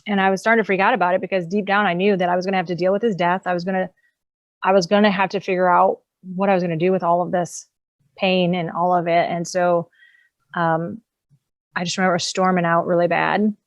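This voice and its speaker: A woman's voice: lowish voice, flat delivery, fast talker, no echo, dull audio. A woman, an empowerment coach and author, telling her personal story as a guest in a casual, candid way, often laughing between thoughts.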